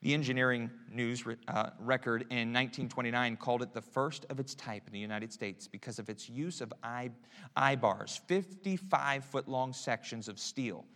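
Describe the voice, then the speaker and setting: A man preaching a sermon, swinging from hushed, quiet prayer to loud, emphatic exhortation. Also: medium pitch, moderate pace. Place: church sanctuary. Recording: long church reverb.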